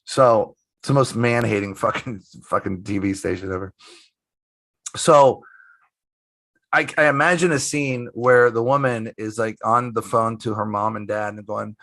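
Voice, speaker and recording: A man's voice: on the low side, steady tone, measured pace, fairly bright tone, no room sound. A middle-aged man from the United States, a magician guest, telling a story emphatically, swearing, and repeating himself as he talks. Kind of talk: casual interview storytelling.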